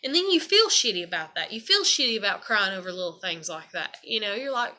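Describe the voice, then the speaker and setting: Bright-voiced woman venting on a vlog. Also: mid-range voice, very animated, a little fast. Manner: rambling, profane, emotional storytelling. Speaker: vlogger. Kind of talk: casual venting monologue.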